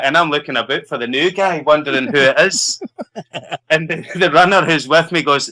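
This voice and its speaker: A man's voice: mid-range voice, normal speed, sharp tone, poor audio. A man, an actor guest telling a story in an interview and laughing as he goes. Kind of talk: anecdotal storytelling.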